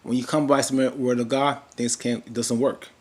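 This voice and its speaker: A man's voice: medium pitch, level tone, fairly quick. A man casually recapping a TV drama episode, rambling with many fillers and restarts and briefly mimicking characters.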